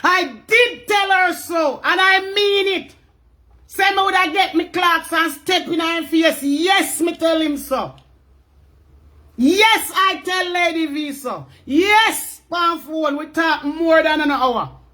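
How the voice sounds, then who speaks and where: A middle-aged woman with a Jamaican accent, angrily ranting on a livestream, often shouting and repeating herself. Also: very high voice, slow. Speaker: livestream talker. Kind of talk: heated livestream rant.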